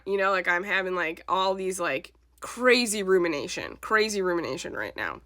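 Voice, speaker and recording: A woman in her thirties talks in a loose, meandering way, piling up filler words and cursing freely. Her voice sits fairly low for a woman yet sounds bright and forceful. The recording is close and dry, with no room sound. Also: expressive, normal speed, no echo. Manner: rambling, heavy filler words, swears freely. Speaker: spiritual channeler vlogger. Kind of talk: casual spiritual monologue.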